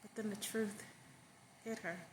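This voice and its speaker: A woman's voice: mid-range voice, steady tone, unhurried, a little hiss or hum. A woman narrating a story casually in her own words, with fillers and emphatic stress.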